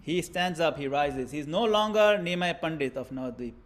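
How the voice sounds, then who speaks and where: A man giving a religious lesson, narrating a scene vividly with theatrical swings between loud and hushed delivery. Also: fairly high pitch, expressive, brisk. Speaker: religious teacher. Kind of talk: dramatic storytelling lecture.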